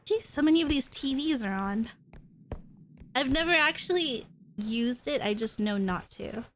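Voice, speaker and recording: A woman's voice: sits high, lively intonation, unhurried, a bit bright, slight background noise. A woman streaming a video game, chatting playfully, exclaiming and laughing as she plays. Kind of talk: casual gameplay chatter.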